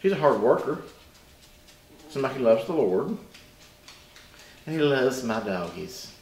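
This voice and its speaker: A man's voice: mid-range voice, sing-song, measured pace, a little mellow, distant mic. A middle-aged man, the father of the bride, speaking plainly in a casual interview. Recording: echoey room.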